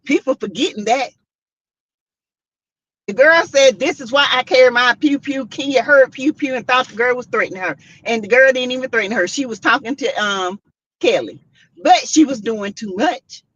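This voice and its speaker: A woman hosting a casual commentary stream, reading out chat comments and making her points with animated, repetitive emphasis. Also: on the high side, moderate pace, husky, no room sound. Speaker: host. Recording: dull lo-fi sound.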